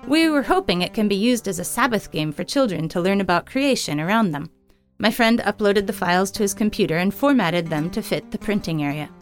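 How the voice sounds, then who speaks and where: A woman's voice: medium pitch, lively intonation, brisk, soft background music. Earnest woman reading a missionary story. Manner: earnest, gentle first-person reading. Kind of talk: scripted narration.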